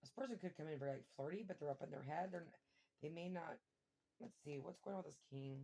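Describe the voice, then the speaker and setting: A woman giving a casual tarot reading, thinking aloud and breaking into excited exclamations and mild swearing. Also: low-pitched, fast talker, gravelly, slight background noise. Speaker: tarot reader.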